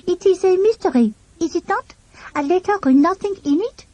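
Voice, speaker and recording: A woman voicing a polite, timid French schoolboy with a French accent who speaks halting broken English. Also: extremely high pitch, expressive, mellow, no echo, lo-fi sound, pitched above the performer's own voice. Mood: innocent.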